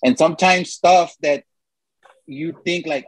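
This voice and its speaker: A man's voice: fairly high pitch, unhurried, dry recording, low-quality recording. A man hosting a podcast, chatting casually and giving blunt, heavily profane advice. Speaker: podcast host.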